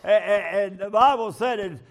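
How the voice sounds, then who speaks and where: A man preaching a sermon, leaning on a filler before each phrase and building up to shouting. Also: high-pitched, moderate pace.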